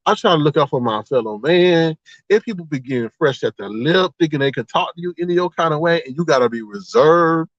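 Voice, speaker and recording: A man hosting a livestream, chatting casually in a rambling, animated way, exclaiming and laughing often. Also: a little high, brisk, no echo. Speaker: livestream host. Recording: slightly dull, dry sound.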